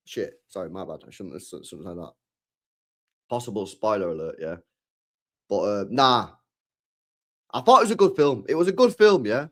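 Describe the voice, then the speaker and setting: Young man, casual stream chat, slangy, swears a lot, repeats himself, lively up-and-down pitch. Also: normal speed, pauses often. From England. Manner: rambling, swears freely, repeats phrases, slangy. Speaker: streamer chatting with viewers.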